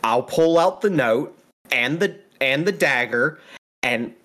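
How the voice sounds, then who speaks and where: A woman's voice: extremely low pitch, expressive, slow pace, a bit bright. A woman playing a tabletop game who speaks in a profane, emphatic, ranting way. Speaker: player. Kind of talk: in-character play in a tabletop game.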